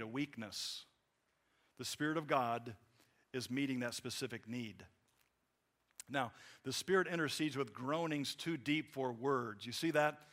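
A pastor preaches a sermon conversationally, acting out small quotes and swinging between loud emphasis and quiet asides. His voice is a little high.

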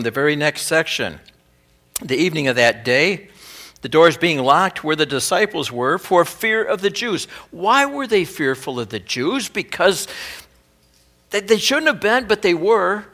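A male pastor preaching a sermon in an earnest, emphatic way, dropping soft and low on key words.

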